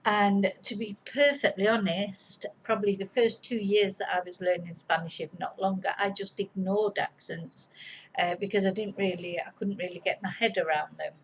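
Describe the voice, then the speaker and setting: Woman, Spanish teacher, casual rambling explanations, mid pitch, faint background hum. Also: rough recording. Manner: chatty, rambling, self-correcting.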